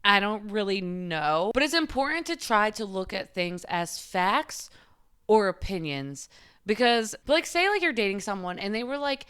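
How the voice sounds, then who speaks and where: A woman's voice: medium pitch, lively intonation, normal speed, a bit bright, clean tone. A woman vlogger giving casual, candid advice in a chatty way, often saying "like". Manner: chatty, frequent filler "like"; open and confiding.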